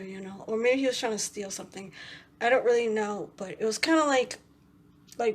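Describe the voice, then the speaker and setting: A woman's voice: a little high, fairly quick, husky. A young woman vlogger telling a story in a casual, rambling way, full of "you know" and "right".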